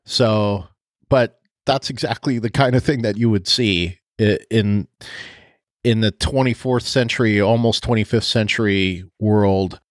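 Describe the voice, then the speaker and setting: A man co-hosting a podcast in an easy, rambling way, full of fillers and laughs. His voice sits low, and the sound is dry and close. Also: measured pace, dry recording. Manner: chatty, laughs often, trails off with fillers. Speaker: podcast co-host. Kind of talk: casual podcast chat.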